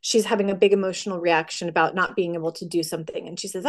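Woman giving parenting advice, lively quotes. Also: on the low side. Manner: acts out parent-child dialogue with quick quoted voices. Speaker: parenting guest. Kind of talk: conversational podcast advice.

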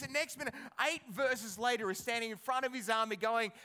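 A male pastor preaching a sermon in an animated, conversational way, asking his congregation rhetorical questions. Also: extremely high pitch, quick pace, few pauses.

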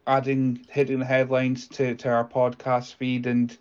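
A man's voice: medium pitch, monotone, unhurried, a little mellow, clean tone, lo-fi sound, natural voice. A man voicing a self-important male podcaster who stammers through an indignant voice note. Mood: apologetic. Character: pompous male podcaster leaving a scolding voice note.

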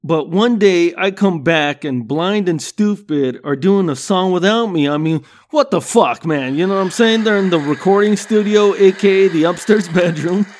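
A man with a fairly high voice rants through a comedy podcast. He swears freely, and he keeps tossing in "you know what I'm saying" and laughing at his own jokes. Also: moderate pace, few pauses, a little mellow. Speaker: podcast host. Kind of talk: profane comedic rant.

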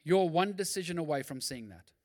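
A male pastor preaching a sermon in a lively, conversational way, with quick asides and acted-out quotes. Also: a little high.

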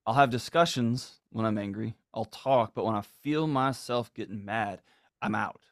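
A man's voice: fairly low pitch, normal speed, no echo. Earnest man with a dry close sound. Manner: earnest, emphatic, acts out quoted lines. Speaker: guest. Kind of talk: conversational podcast talk.

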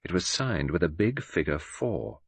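A man narrating an audiobook in an expressive storytelling manner. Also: low voice, moderate pace, creaky, slightly rough, no echo. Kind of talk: scripted narration.

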